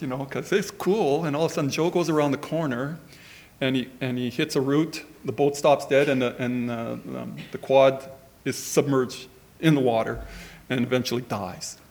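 A man's voice: mid-range voice, fairly even intonation, normal speed, creaky. A middle-aged man telling a rambling, conversational story as part of a sermon. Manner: rambling, conversational anecdote with many asides.

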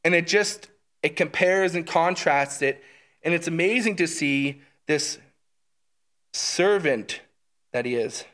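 A man's voice: a little high, slow pace, long pauses, fairly bright tone. A man teaching through a book of scripture in a conversational way, eager and often checking in with his listeners. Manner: enthusiastic, often checks in with "right?". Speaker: Bible teacher.

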